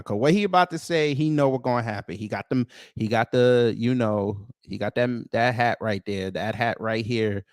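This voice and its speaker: A man's voice: mid-range voice, normal speed, few pauses, no echo, studio quality. A man hosting a reaction commentary, scolding and slangy in his delivery. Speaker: commentary channel host.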